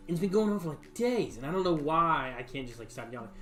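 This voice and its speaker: A man's voice: on the high side, expressive, quick pace, hardly any pauses, a bit bright, faint music behind. A man, casually chatting to viewers on a livestream from his home bar room, rambling and folksy with lots of fillers. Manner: rambling, laid-back, folksy, frequent fillers. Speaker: livestream host. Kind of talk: casual chat to a live stream. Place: home bar room with sound foam on the walls.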